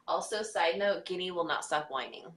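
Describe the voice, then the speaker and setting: A woman's voice: lowish voice, normal speed, a bit bright, reverberant. A woman co-hosting a podcast from home over a live video call, giggly and casually profane. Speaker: podcast co-host. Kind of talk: casual chat.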